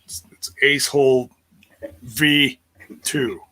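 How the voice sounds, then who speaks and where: Bright-voiced man recapping wrestling. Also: medium pitch, steady tone, slow pace. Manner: rambling, loose, joking, swears casually. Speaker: podcast host. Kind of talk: casual show recap chat.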